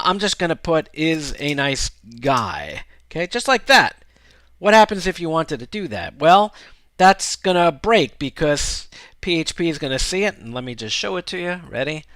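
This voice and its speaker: An upbeat man walks through a coding screencast in a casual, chatty way, often checking in with the listener. His voice is bright and lively, slightly higher than most men's. The sound is close and dry. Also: no room sound. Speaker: programming instructor.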